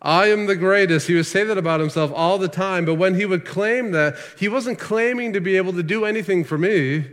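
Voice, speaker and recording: A man's voice: high voice, brisk, hardly any pauses, in a large hall. A man preaching a sermon as pastor, earnest and emphatic, asking rhetorical questions.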